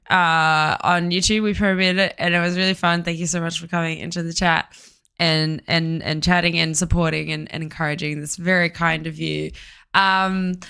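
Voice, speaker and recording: A woman musician chatting casually on a livestream, her voice hoarse from talking too much, rambling with fillers. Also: on the low side, bright, forceful tone. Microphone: desk microphone, turned down for clipping.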